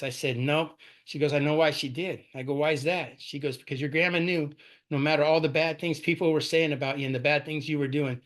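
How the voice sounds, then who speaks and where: A man tells his recovery story at a brisk, rushing pace in a somewhat high voice. He rambles in an easy conversational way and keeps tossing in "right?" and "man" as he goes. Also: fairly bright tone. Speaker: AA speaker sharing his story. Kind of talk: personal recovery talk.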